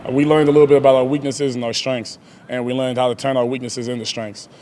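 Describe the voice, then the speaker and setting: A man's voice: mid-range voice, flat delivery, quick pace, warm tone, slight background noise. A young man, a pro football player, answering press questions casually, laughing often and leaning on "like" and "you know".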